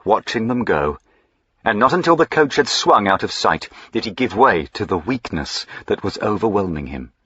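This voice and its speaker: A man reads a historical novel aloud in a measured, even way. His voice is deep and husky and unhurried. The recording is dry and slightly muffled. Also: no echo. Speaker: audiobook narrator. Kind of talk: scripted narration of a historical novel.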